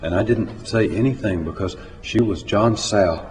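A man telling a story live on a stage in a large hall, measured and unhurried, rising to loud urgency at the tense parts. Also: lowish voice. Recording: echoey hall with faint ambience.

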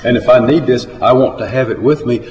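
A man voicing a blunt, panicky rural farmer with a gruff, plainspoken drawl, told on a stage. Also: medium pitch, brisk, a little mellow, long reverb tail, close to an everyday voice. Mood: blunt, matter-of-fact. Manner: plainspoken, gruff drawl, bursts into screaming curses.

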